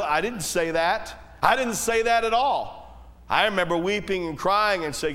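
Folksy preacher, high voice, churchy reverb. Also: male voice, a bit bright. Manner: folksy, rising to emphatic peaks then dropping low and slow. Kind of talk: sermon. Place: church hall. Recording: long reverb of a church hall.

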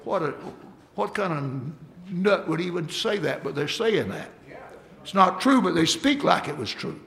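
A man's voice: high voice, animated, unhurried, fairly bright tone. A man preaching a sermon, folksy and emphatic, calling out for amens from the congregation.

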